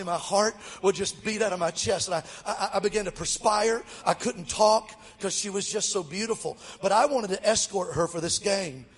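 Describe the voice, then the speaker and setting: A man's voice: sits high, husky. A middle-aged man from Alabama, telling a funny story in a sermon as a guest speaker and joking with the audience. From Mobile, Alabama, US. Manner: lively, jokes with the audience. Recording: long reverb of a large hall.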